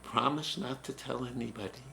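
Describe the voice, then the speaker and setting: An older man voicing a rebellious teenage boy who yells to be let go, in a roomy echo. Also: mid-range voice, fairly even intonation, normal speed, vocal fry, slight background noise. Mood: hushed, secretive. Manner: yelling furiously.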